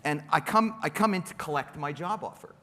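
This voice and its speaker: A man tells a story on a panel, animated and self-mocking. His pitch swoops widely and his voice is bright and forceful. It echoes in a large hall with a faint hiss. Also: fairly quick. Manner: lively, self-mocking, acts out quotes. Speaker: panel guest telling a story.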